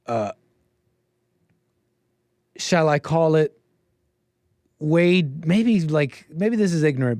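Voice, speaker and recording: A man's voice: fairly high pitch, a little mellow, dry recording, studio quality. A man who grew up in Canada, hosting a call-in livestream and talking in a rambling, hesitant way with many fillers and restarts. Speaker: livestream host taking calls. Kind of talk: casual livestream commentary.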